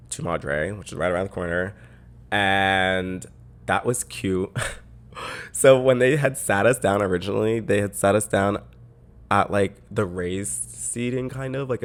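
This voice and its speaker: A man hosting a podcast, telling a story in a chatty way full of "like" fillers, close to a microphone. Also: on the low side. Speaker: podcast host. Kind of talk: casual storytelling.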